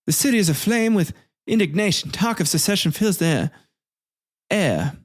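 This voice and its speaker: A man's voice: high voice, lively intonation, moderate pace, dry recording, studio quality, pitched above the performer's own voice. A man reading the diary of a fretful Southern wife in a raised, anxious voice.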